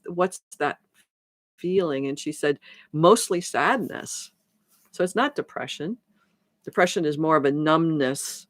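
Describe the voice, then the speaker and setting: A woman's voice: deep voice, dry recording. A woman coach talks through a live stream, her thoughts looping back with frequent restarts as she acts out little conversations. The sound is dry and close, with no room around it. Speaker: transformation coach. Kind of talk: live-stream talk to viewers.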